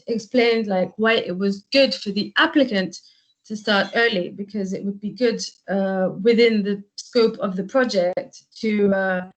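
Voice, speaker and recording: A woman's voice: mid-range voice, low-quality recording. A woman giving spoken feedback on a role-play, weighing what went well against the mistakes. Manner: analytical, weighs strengths and mistakes. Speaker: workshop participant giving feedback.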